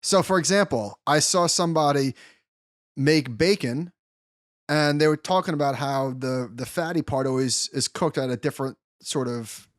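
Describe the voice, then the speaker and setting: A man's voice: fairly high pitch, normal speed, no echo, clean studio sound. A man co-hosting a podcast, talking bluntly and emphatically in casual chat, with easy swearing. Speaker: podcast co-host.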